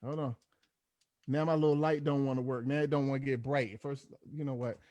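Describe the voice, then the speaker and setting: A man hosting a group video call, joking and chatty from a dark room at home. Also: mid-range voice, fairly even intonation, brisk, no room sound, dull audio. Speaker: host. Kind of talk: casual video call chat. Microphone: headphones on a video call.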